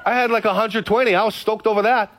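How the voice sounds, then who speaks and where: A male pastor from Hawaii, telling stories in a lively sermon and repeating phrases. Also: high-pitched, fast talker. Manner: storytelling, animated, repeats phrases.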